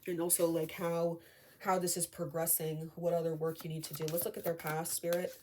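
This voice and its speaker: A woman's voice: on the low side, a little fast, noisy background. A woman reading tarot cards for her viewers in a casual, chatty way, often checking in with "okay?" and reassuring them not to be afraid. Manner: chatty, many fillers, often asks okay?; reassuring and calming. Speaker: tarot reader.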